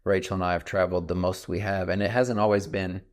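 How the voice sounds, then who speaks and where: Deep-voiced man in his thirties. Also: little pitch movement, fast. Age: 30s. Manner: earnest, reflective storytelling. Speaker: podcast host. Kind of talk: casual conversation.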